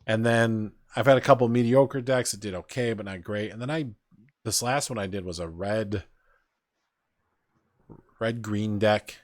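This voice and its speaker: A man hosts a podcast in a lowish voice, talking a little slowly with long pauses. His casual chat is rambling storytelling packed with fillers.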